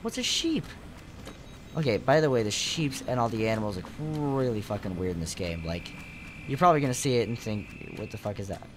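A man's voice: on the low side, animated, fast talker, noisy background. Goofy, crude young man gaming. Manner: goofy, crude, rambling, swinging from mutters to squeals. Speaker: gaming channel host. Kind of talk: casual let's play commentary.

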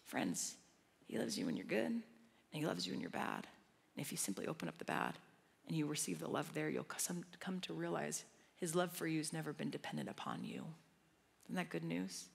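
A woman giving a sermon as a guest speaker, talking conversationally and swelling into loud emphatic passages. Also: low-pitched, sing-song, a little fast, vocal fry. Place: large church auditorium. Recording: long hall reverb.

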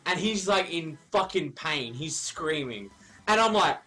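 A man's voice: on the high side, expressive, a little slow, sharp tone. A man, a streamer, telling a wild party story in a rambling, profane, casual way while he plays a game. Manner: rambling, profane, laughs at his own story.

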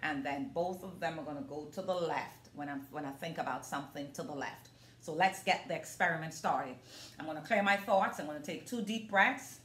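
A woman's voice: low voice, a little fast, fairly bright tone, slight background noise. A woman vlogging in an earnest, casual way, talking straight to her viewers as a motivational vlogger. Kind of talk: casual demonstration vlog. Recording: roomy echo.

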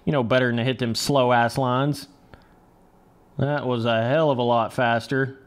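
A man's voice: medium pitch, fairly even intonation, moderate pace, smooth. Profane young man streaming a race. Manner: casual, profane, talks to chat as brother and dudes; talks himself through the race under his breath. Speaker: live streamer. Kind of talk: live gameplay commentary.

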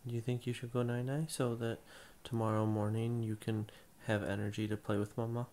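Young dad, mellow warm voice, gentle and patient, hushed bedtime coaxing. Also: male voice, fairly low pitch, little pitch movement, a little fast. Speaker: father putting child to bed. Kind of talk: casual bedtime chat.

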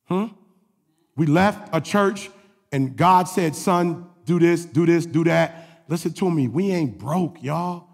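This male pastor's husky, gravelly sermon voice sits a little high, and he takes things slowly. He shifts from shouting to soft asides, with long reverb from the hall.

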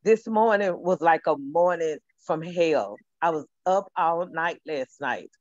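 A woman's voice: low voice, lively intonation, unhurried, darkish tone, dry recording. Emotional woman caller on a dull line. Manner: emotional, repetitive, heartfelt. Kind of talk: casual call-in testimony.

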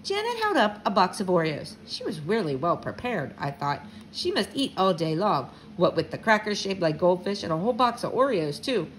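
A woman's voice: on the low side, normal speed, few pauses, slight background noise, poor audio. A woman who teaches fourth grade, reading a children's book aloud to her class from home. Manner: warm teacherly read-aloud, lively. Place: at home, living room.

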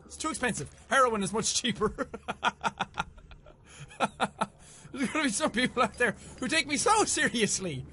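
A young man in his twenties giving excitable let's play commentary, swearing often and chatting to the game's characters. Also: very high voice, brisk, few pauses, slight background noise. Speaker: gamer.

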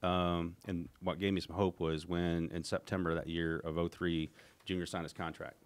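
A man's voice: low voice, little pitch movement, normal speed, clear, resonant tone. A middle-aged man as a podcast guest, telling a long story in a rambling way, with frequent restarts and acted-out quotes. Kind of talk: casual storytelling interview.

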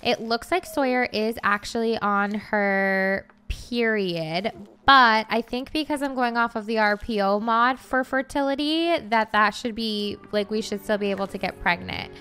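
Woman, casual game commentary, higher-pitched, chatty, frantic pleading at times. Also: unhurried, fairly bright tone, slight background noise. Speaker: gaming channel host. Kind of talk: casual let's-play commentary.

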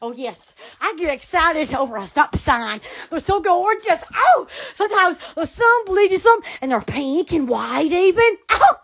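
A woman from Alabama, chattering excitedly on a phone livestream, giggling, gushing and stammering. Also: extremely high pitch, measured pace. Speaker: social media livestreamer.

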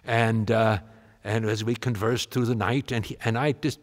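A man's voice: on the low side, fairly even intonation, moderate pace. A man from the United States, a musician, telling a comic tall tale in a rambling, stammering, wry way. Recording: long hall reverb.

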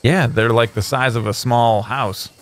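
A man hosting a gameplay video, upbeat and excitable, joking with a guest. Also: medium pitch, measured pace. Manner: upbeat and excitable, playful banter. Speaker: host. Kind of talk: casual gameplay commentary.

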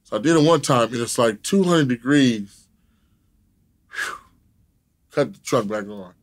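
A man telling a profane story as an interview guest, animated, laughing often and acting out the other people in it. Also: mid-range voice, measured pace.

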